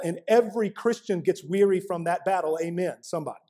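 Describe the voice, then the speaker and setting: A man preaching from the pulpit in a slightly raised, husky voice with a warm, mellow tone. He presses his points with repeated rhetorical questions, swinging from forceful appeals to quieter, earnest asides. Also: high voice, fairly quick, few pauses. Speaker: pastor. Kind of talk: sermon. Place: church.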